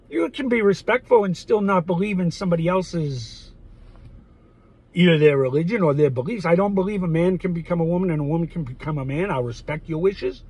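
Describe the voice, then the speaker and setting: Man, vlogger, rambling monologue, very raspy voice, lively swooping pitch, preachy and indignant. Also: poor audio. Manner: digressive, loses his thread, heated and preachy; grows loud and indignant in bursts.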